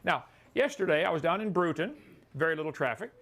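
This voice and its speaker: A man's voice: fairly high pitch, expressive, fast talker, fairly bright tone. A man giving a casual teaching talk to a live group as a presenter, plain-spoken and folksy, drilling his listeners with counting. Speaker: presenter at a creation science park.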